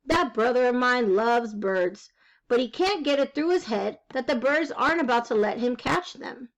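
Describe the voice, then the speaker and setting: A woman reading a children's chapter book aloud in a high voice. She keeps the first-person telling lively and wry, like a kid sharing a story. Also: moderate pace, rough recording. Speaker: reader.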